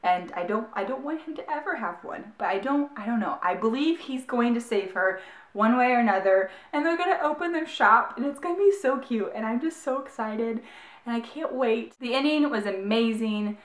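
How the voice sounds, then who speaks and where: A young woman talks about a book she loves, gushing and tripping over her words with a steady stream of "like." Her voice sits a little high and rings around an echoey room. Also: normal speed. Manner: gushing, excited, heavy use of "like". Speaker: book reviewer. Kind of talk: casual book review.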